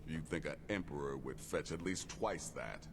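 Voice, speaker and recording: An actor playing a gruff, mocking male assassin in a game. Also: rumbling low, moderate pace, noisy background. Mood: scornful.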